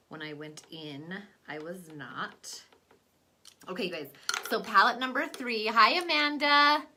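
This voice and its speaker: Young woman rambling thru a makeup vlog at home, kinda low voice, lots of um and like. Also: bright, forceful tone, a little hiss or hum. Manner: rambling and chatty, many fillers. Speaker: vlogger. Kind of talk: casual makeup vlog chat. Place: at home, away from her desk.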